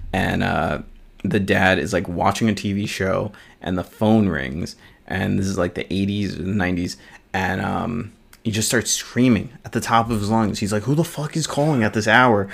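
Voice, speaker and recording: A man's voice: sits low, creaky. A man co-hosting a podcast, talking casually about movies in a rambling way with many fillers. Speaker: podcast co-host. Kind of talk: casual chat. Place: small studio.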